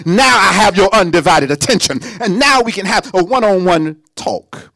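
Lively high-voiced preacher, dry sound. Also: male voice, moderate pace, creaky, no room sound. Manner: animated preaching with sung lines and dramatic drops to a hush. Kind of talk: sermon.

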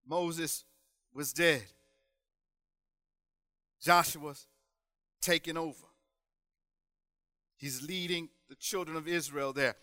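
High, bright-voiced man preaching a sermon. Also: steady tone, takes it slowly, pauses often, dry recording, soft background music. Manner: rhythmic preaching, rising to shouted emphasis.

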